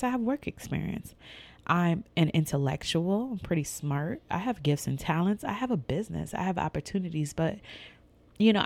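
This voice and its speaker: A woman's voice: sits low, vocal fry, darkish tone. A woman sharing a candid, faith-based personal testimony, vividly reliving a frightening moment. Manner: candid and vivid, reenacting her own panic.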